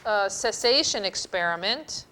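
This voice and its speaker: A middle-aged woman lectures to a class, walking through slides with firm emphasis. Her voice sits in a middle pitch, and she speaks conversationally to the students. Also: lively intonation, measured pace, bright, forceful tone. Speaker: university lecturer. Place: lecture hall.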